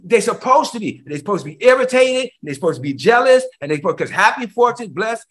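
A man preaching an energetic sermon, talking fast, excited, and repeating words for emphasis. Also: sits high.

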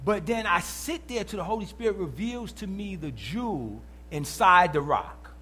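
A man preaching with a high voice that leaps up and down in pitch. He talks in an emphatic, animated way. He keeps checking in with his listeners as he teaches. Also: normal speed, slightly rough. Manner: animated, emphatic, calls out to the congregation. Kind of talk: sermon.

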